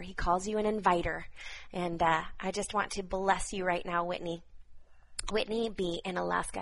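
A woman's voice: medium pitch, creaky, rough recording. Woman, 30s, fervent live-stream prophetic minister, repeats key phrases. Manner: fervent, repetitive, with soft laughs. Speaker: prophetic minister giving words to viewers.

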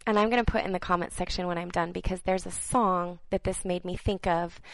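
With a voice on the low side and a steady tone, a woman minister shares prophetic words with viewers. She is earnest and halting, repeats phrases for emphasis, and slips into soft, near-whispered stretches. The recording is dry and rough.

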